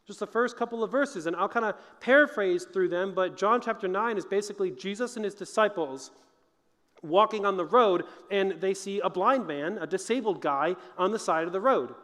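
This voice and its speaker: High-voiced man speaking in a chapel. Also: normal speed, a bit bright, in a large hall. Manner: earnest, conversational, emphatic. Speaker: motivational speaker. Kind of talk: chapel talk to college students. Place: large college chapel.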